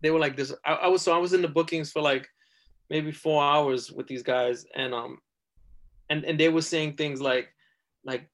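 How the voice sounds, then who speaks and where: A man's voice: a little high, moderate pace. A man, a podcast guest telling a story casually, rambling and leaning heavily on filler words. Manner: rambling, heavy use of "like", lively retelling.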